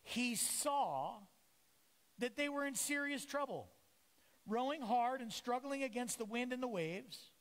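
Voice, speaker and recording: A male pastor preaching a lively sermon to his congregation, acting out the voices of the disciples and Jesus. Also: very high voice, unhurried. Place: church sanctuary. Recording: echoey church hall.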